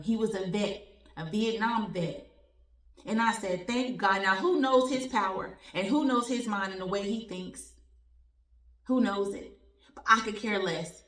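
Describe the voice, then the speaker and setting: A woman hosting her own motivational show, telling stories in an animated, preachy way and repeating phrases for emphasis. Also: medium pitch, unhurried. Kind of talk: motivational talk and storytelling. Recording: echoey room, distant from the mic.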